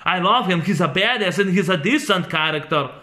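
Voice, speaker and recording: Rambling man with a bright voice. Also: high-pitched, animated. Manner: rambling, halting, many fillers and restarts. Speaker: movie reviewer. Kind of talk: casual spoken film review.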